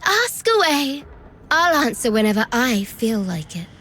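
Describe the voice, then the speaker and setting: A woman's voice: fairly high pitch, big pitch swings, measured pace, a bit bright, full character voice. An actress voicing a mocking, treacherous young woman in a video game, taunting with theatrical sarcasm. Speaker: game character.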